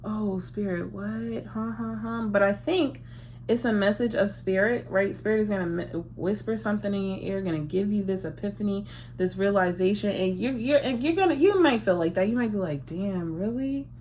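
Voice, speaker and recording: A woman in her thirties talks through a casual tarot reading in a medium-pitched voice. She is emphatic and repeats herself, restarting her sentences as she goes. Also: a little fast, a little mellow, slight background noise. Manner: emphatic and repetitive, full of restarts. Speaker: tarot reader. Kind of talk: casual spiritual card reading.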